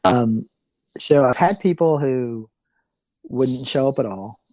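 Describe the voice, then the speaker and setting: A man's voice: mid-range voice, expressive, takes it slowly, a little mellow, no echo, poor audio. A man co-hosting a podcast in casual chat, rambling through a story with fillers and restarts. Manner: rambling, many fillers and restarts, mild laughs. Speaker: podcast co-host.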